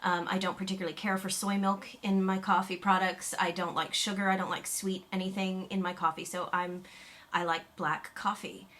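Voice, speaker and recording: A woman's voice: fairly low pitch, flat delivery, moderate pace, a bit bright. An American woman vlogging to camera in casual chat, chatty and rambling with frequent fillers, restarts and little laughs. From United States. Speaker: YouTube vlogger.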